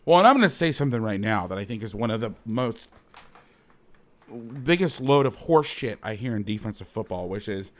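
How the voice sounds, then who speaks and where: Fired-up profane football coach. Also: male voice, fairly low pitch, very animated, fairly quick. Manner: heated, profane ranting with emphatic repetition. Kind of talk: football film breakdown commentary.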